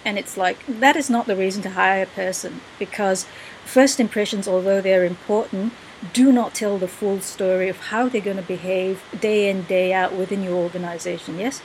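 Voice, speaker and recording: A woman interview host who talks in an easy conversational way. She often closes her points with a tag question, and her voice sits at an ordinary middle pitch. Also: fairly even intonation, normal speed, a little hiss or hum, rough recording.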